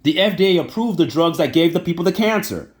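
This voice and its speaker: A man's voice: a little high, animated, fast talker. A man delivering an indignant, emphatic opinion rant that repeats its points for emphasis. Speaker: online commentator.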